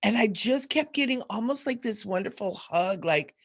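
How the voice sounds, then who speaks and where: Her voice is a little high, gravelly and husky, and she talks a little fast. This middle-aged Southern Californian woman is the host of a casual spiritual livestream, rambling, using lots of fillers, laughing often, and sounding a bit sleepy and groggy.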